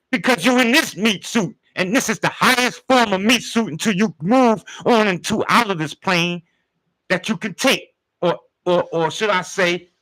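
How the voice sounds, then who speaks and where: A man's voice: sits high, sharp tone, rough recording. A man giving a casual spiritual talk, using street slang and speaking straight to his listeners. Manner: street slang, conversational, addresses listeners directly. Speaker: spiritual teacher.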